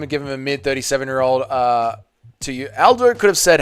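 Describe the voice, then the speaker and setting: The recording is clean studio sound with no echo, carrying a man's medium-pitched, clean-toned voice at a brisk pace. As host of a live fight watch party, he reads chat, curses freely, and offers excitable, blunt, casual commentary.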